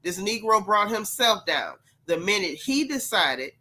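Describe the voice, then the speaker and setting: A woman hosts a gossip livestream while sick, and her nose sounds stuffed up. Her voice has a bright, forward edge at an ordinary pitch. She talks straight to her viewers and hammers home each point by saying it again. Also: big pitch swings, unhurried. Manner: emphatic, repeats her points for stress. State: congested, sick voice. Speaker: gossip channel host. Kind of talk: livestream commentary.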